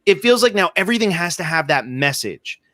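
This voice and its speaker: A man's voice: sits high, sing-song, brisk, pushed and bright, no room sound, clean studio sound. A man co-hosting a podcast, giving his opinions on films in a casual, ranting way. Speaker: podcast co-host. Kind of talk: casual film discussion.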